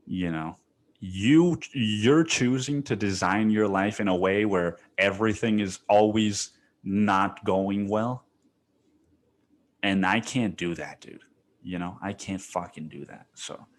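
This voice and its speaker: A young man with a very deep, low-pitched voice talks alone into his podcast mic. He vents in a profane, restless way, leaning on "dude" every few words. His tonsils are swollen, so his throat is sore. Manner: profane venting, heavy on "dude". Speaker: podcast host. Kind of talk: solo podcast monologue.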